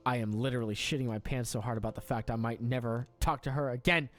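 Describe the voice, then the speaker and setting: A man reading an online story aloud in a deadpan way, sometimes breaking into laughter. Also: mid-range voice, quick pace, soft background music. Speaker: story reader.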